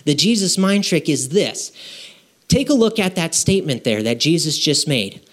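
A man's voice: fairly high pitch, lively intonation, moderate pace. A man preaching a sermon to his congregation in a conversational way, asking rhetorical questions and checking in with "okay?". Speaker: pastor. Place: church.

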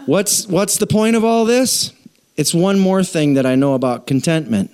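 Middle-aged male pastor, sermon delivery, chatty and self-mocking, slightly higher-pitched voice. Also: normal speed, clean tone. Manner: storytelling, animated and self-deprecating.

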